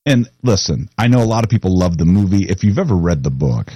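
Low-voiced man podcast host, lively and husky, dry sound. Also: fast talker, no echo. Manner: animated, self-interrupting. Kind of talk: casual chat.

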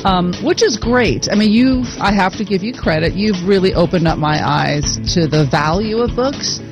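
A woman's voice: mid-range voice, expressive, moderate pace, music in the background, low-quality recording. Chatty laughing woman co-host. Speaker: podcast co-host. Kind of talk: casual chat.

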